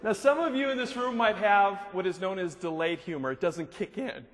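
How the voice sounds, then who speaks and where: A high-pitched man speaks at a normal speed, with some chatter audible in the background, as he delivers a humorous motivational speech to a live audience in a large hall. Joking and animated, he tells stories, and the recording has long hall reverb and faint noise.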